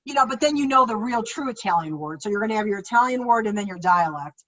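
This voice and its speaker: Woman children's author, chatty and animated, mid-pitched voice, slightly muffled podcast audio. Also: fast. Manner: animated, excitable storyteller who voices her own past reactions. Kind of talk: casual conversational storytelling.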